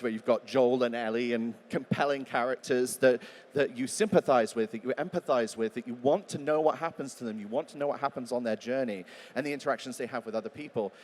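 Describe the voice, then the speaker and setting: Man explaining in a reverberant room. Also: mid-range voice. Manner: thoughtful, lists examples, occasional fillers and restarts. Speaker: voice actor interviewed as guest. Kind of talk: explanatory interview answer.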